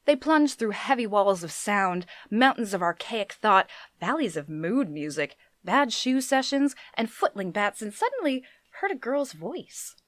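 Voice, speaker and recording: A woman narrating a book in a live reading, with expressive delivery. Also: medium pitch, a little slow, hardly any pauses, no room sound. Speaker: reader.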